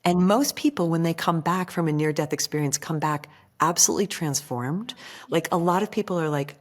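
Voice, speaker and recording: A woman guest on a podcast, chatting casually, telling stories in a lively way, acting out quoted voices and saying "like" often. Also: deep voice, a little fast. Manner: animated storyteller who acts out quoted voices, heavy use of "like".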